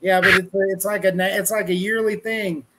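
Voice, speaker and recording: A man's voice: high voice, level tone, normal speed, very noisy. A middle-aged man from Colorado, a wrestling journalist, chatting on a podcast in a rambling, folksy, profane way. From Colorado, USA. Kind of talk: casual podcast chat.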